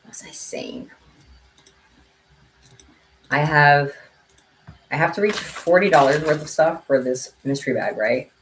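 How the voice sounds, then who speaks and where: A chatty young woman makes kandi bracelets on a home livestream, pausing to meow at her cat. She speaks in a low voice at a moderate pace, with a little hiss or hum over an echoey room's faint ambience.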